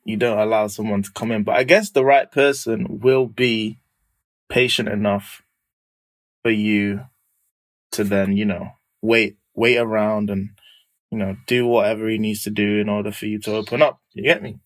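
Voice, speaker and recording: A man's voice: fairly low pitch, moderate pace. Young guy, casual podcast chat, lots of slang, laughs a lot. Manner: slangy, laughs often, animated.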